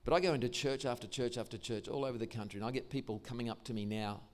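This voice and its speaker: A man's voice: mid-range voice, racing. An older man with an Australian accent, giving an enthusiastic storytelling testimony in church. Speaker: Christian musician and speaker. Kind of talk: testimony sermon.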